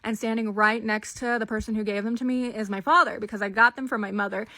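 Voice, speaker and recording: A woman in her thirties telling family stories in a casual monologue, sarcastic and deadpan on the punchlines. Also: mid-range voice, fast talker. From Idaho, US. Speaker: storyteller.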